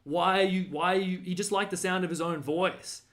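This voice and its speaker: A man's voice: high voice, fairly even intonation, moderate pace, a bit bright. An Australian man ranting casually, rambling and slangy with lots of fillers and restarts.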